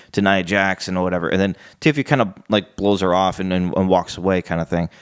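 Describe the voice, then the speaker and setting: A man's voice: fairly low pitch, no echo, clean studio sound. A man giving a casual solo wrestling show review, rambling and often repeating words as he recaps.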